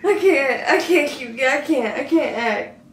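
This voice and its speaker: A woman's voice: sits high, lively intonation, unhurried. A young woman in a casual home prank vlog, giggly and talking to her viewers from her bedroom. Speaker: vlogger. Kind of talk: casual prank video chat. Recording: echoey room, distant mic, faint noise.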